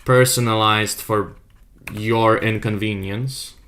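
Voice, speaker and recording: A young man who isn't a native English speaker talks slowly in a lowish, steady, slightly bright voice with a self-made accent. He chats playfully and trolls on an art live stream, reading the chat aloud.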